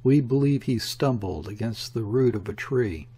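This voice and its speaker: A man reading the lines of a smooth, emphatic police inspector in an audiobook. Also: medium pitch, animated, moderate pace, mellow. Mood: cool. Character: cool, smooth middle-aged male police inspector.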